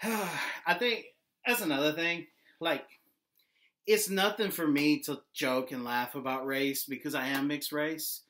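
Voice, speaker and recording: A young male vlogger talks casually to the camera in a pushed, bright, higher-pitched voice. He rambles and jokes, saying "like" a lot and throwing in "y'all."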